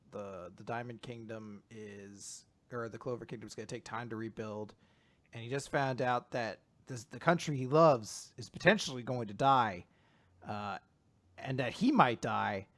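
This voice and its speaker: A young man co-hosting a casual comics recap, animated and quick to break into voices. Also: medium pitch. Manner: animated, jumps into voices and exclamations. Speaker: podcast co-host.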